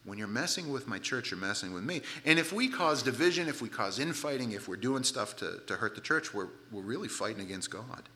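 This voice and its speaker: A middle-aged man preaching a sermon to a congregation, animated and sarcastic at times, with frequent restarts. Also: mid-range voice, brisk, few pauses. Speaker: pastor.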